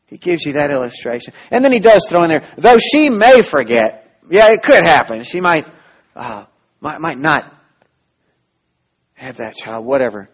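A man preaching a sermon as pastor, earnest and full of restarts, rising to loud emphasis and dropping to soft, quiet lines. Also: fairly high pitch, lively intonation, moderate pace, long pauses, breathy edge.

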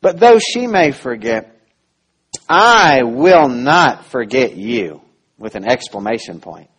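A man preaching a sermon as pastor, earnest and full of restarts, rising to loud emphasis and dropping to soft, quiet lines. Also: mid-range voice, sing-song, slow, husky.

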